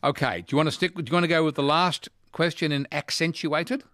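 A man hosting a casual talkback radio quiz, chatty and quick to laugh. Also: on the high side, dry recording, studio quality. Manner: chatty, animated, laughs easily.

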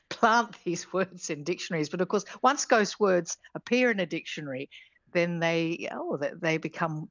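A woman's voice: sits low, dry recording, muffled recording. A woman professor, explaining things on radio in a thoughtful, chatty way with plenty of ums and restarts. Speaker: linguistics professor, guest.

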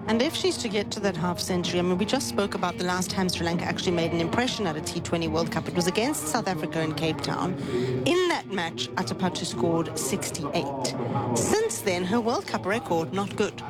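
A woman offering cricket commentary in a lowish voice. She builds her arguments carefully and backs them with numbers. Music plays clearly underneath. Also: lively intonation. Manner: thoughtful, measured, explains with stats. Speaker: cricket pundit. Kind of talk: expert commentary analysis.

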